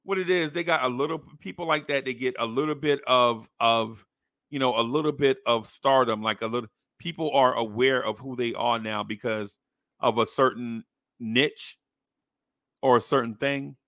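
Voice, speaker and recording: Blunt, bright-voiced man ranting. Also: mid-range voice, normal speed, no room sound, clean studio sound. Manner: blunt, mocking, animated with slang. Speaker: podcast host. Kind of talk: opinion rant to camera.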